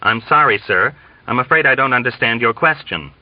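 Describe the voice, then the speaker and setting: A man's voice: medium pitch, animated, brisk, no room sound, natural voice. A man voicing a frightened young cadet who stammers politely under questioning, in a dull, dry recording. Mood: flustered. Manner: flustered, stammering and deferential.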